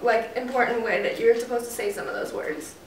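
A woman's voice: a little high, steady tone, fairly quick, slight background noise. A young Australian woman hosting a casual vlog, chatty, playful and giggly. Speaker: vlogger host. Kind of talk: casual chat. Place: indoor room with friends filming. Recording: roomy, from a distance.

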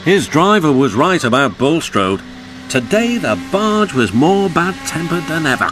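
A man with a British accent, gently and expressively narrating a children's cartoon. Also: on the high side, a little slow. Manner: gentle and expressive, voicing every character himself. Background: background music.

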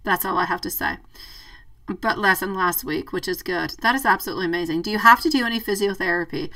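With a quick pace and a pushed, bright mid-range voice, this tarot reader chats affectionately with her live-stream audience, working through their comments, laughing and saying sweetie. A distant mic leaves the recording rough.

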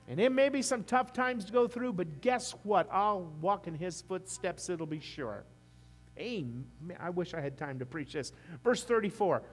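A man preaching a sermon as pastor, rising to fervent peaks and dropping to a quiet appeal. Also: sits high, expressive, moderate pace. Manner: impassioned preaching that rises and falls, then softens into a quiet altar call. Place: church sanctuary.

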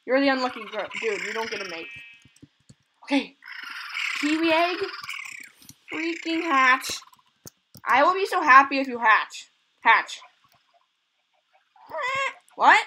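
A woman hosting a let's play, giving excitable commentary and gushing over cute animals. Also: high voice, slow, pauses often, noisy background. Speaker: gaming channel host.

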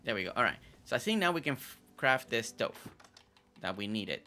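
Bright-voiced playful game streamer man. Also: medium pitch, very animated, brisk. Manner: playful, joking, chats with viewers. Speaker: gaming streamer. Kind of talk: casual gameplay commentary. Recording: faint game music behind.

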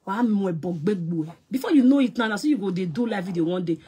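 A Nigerian woman, an actress and producer, scolding someone loudly on a live stream and mixing in Pidgin English. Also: lively intonation, fast, breathy edge. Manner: loud and scolding, mixing Pidgin English, big swings in pitch and volume.

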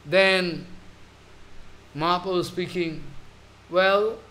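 High-voiced older man giving a devotional talk. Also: steady tone, takes it slowly, pushed and bright. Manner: storytelling, voicing saints in dialogue, non-native English. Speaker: spiritual teacher. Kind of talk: devotional lecture with acted dialogue.

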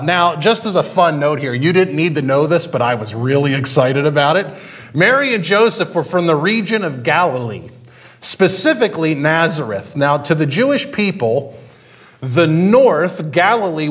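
A male pastor preaching a sermon in a conversational way, with frequent fillers and restarts. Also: fairly high pitch.

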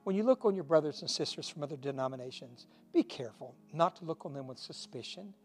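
A man's voice: on the high side, expressive, fast talker, a little mellow. A man preaching a short recorded devotional sermon as pastor, folksy and earnest, with self-deprecating asides.

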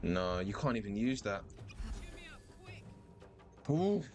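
A man giving playful, animated commentary while playing a video game, thinking aloud and repeating himself. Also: fairly low pitch, takes it slowly, music in the background. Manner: animated, playful, sudden loud outbursts. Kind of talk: live gameplay commentary.

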